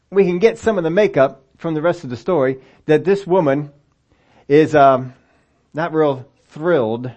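A man's voice: fairly high pitch, darkish tone. A man preaching a sermon in a conversational way, acting out the voices of the story's people for a congregation with children present. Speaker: pastor. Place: church sanctuary with children present.

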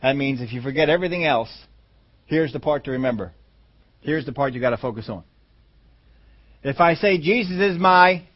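A man preaching a sermon with emphasis, acting out the voices of doubters. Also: fairly high pitch. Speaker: pastor. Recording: dull lo-fi sermon audio.

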